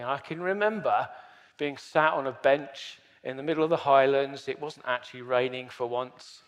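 A man's voice: medium pitch, in a large hall. A man in his fifties giving an earnest, emphatic sermon as pastor. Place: church hall.

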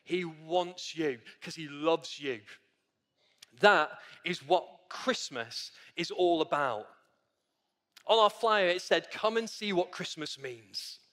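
A man's voice: fairly high pitch, expressive, slow pace, fairly bright tone, in a large hall. A man preaching a sermon in a church, earnest and repetitive, calling his listeners friends and guys. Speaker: pastor.

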